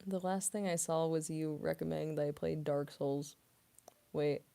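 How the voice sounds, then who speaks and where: A woman's voice: deep voice, steady tone, normal speed, gravelly, warm tone. A young woman voice actress chatting casually on a livestream Q&A, rambling and using lots of fillers. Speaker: voice actress and streamer.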